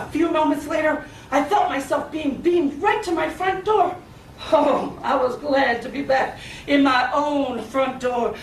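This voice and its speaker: A woman delivering a humorous tall-tale speech with a theatrical, lively delivery, recorded from far off in an echoey, noisy hall. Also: high-pitched, measured pace. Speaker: speaker.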